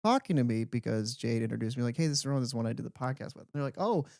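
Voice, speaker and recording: A young man co-hosting a podcast, telling stories in a casual, animated way with lots of "like". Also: medium pitch, very fast, gravelly, no room sound, studio quality. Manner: animated storyteller, heavy use of "like". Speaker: podcast co-host. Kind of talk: casual chat.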